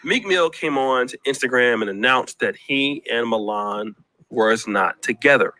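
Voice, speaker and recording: A man's voice: medium pitch, measured pace, bright, forceful tone. A man hosting a commentary vlog, ranting in a preachy way, repeating himself and calling out people by name.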